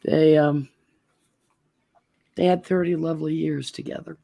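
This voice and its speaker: Gravelly woman from the American South. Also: deep voice, steady tone, measured pace, mellow. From Southern United States. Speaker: podcast guest. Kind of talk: casual group chat.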